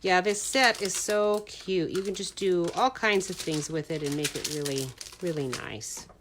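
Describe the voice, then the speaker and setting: Speaking at normal speed in a fairly low voice, a middle-aged card maker rambles and talks to herself during a casual crafting demo. The background is noisy, with paper crinkling and stamps clicking.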